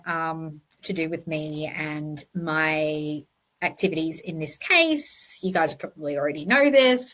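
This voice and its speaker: A woman's voice: on the low side, fairly bright tone. A woman hosting a true crime channel, giving emphatic, passionate commentary over slides and correcting herself as she goes.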